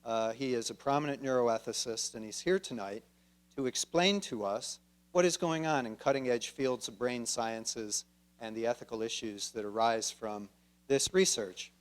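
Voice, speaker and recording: A man acts as event host and introduces the evening's speaker. His voice sits at a middling pitch, and he reads through a list of credentials with small fillers here and there. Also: moderate pace. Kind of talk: formal introduction.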